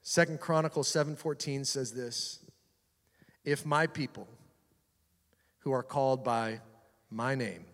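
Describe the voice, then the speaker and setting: A man's voice: mid-range voice, big-room sound. A male pastor preaching a sermon on a church stage, telling Bible stories with animation and urging the congregation in an earnest voice. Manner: animated storytelling that drops to soft, earnest exhortation.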